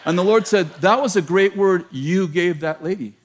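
A middle-aged man preaching a sermon, telling a story in an animated, self-mocking way and laughing often. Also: high-pitched, normal speed, a little hiss or hum.

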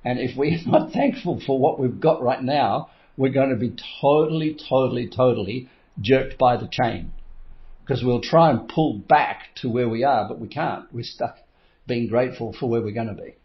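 A middle-aged man with a medium-pitched voice and normal pace gives a motivational coaching talk. He relies on storytelling and performs his own inner voice, laughing softly often, in a slightly dull, lo-fi recording.

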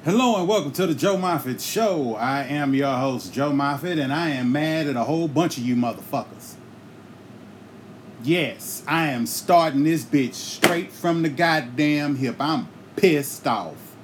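A man's voice: a little high, unhurried, slight background noise. A man hosting his own comedy podcast, delivering a heated, heavily profane rant with preacher-like repetition. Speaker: podcast host.

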